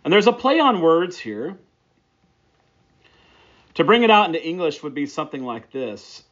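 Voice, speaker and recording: A man's voice: fairly high pitch, big pitch swings, moderate pace, long pauses, a bit bright, lo-fi sound. A man preaching a sermon, praying and then teaching through a Bible passage with emphatic, repeated phrases. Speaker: pastor.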